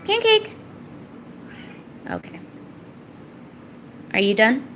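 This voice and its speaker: A young woman streaming, coaxing and teasing her cat in a playful, high-pitched baby-talk voice. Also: animated, moderate pace, creaky, soft background music. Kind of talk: live-stream chat.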